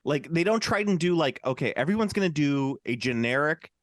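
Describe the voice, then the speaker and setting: Lively-voiced man chatting on a podcast. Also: a little high, no room sound, clean studio sound. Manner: rambling, lots of fillers and quick impressions. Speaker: podcast co-host. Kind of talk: casual chat. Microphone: podcast microphone.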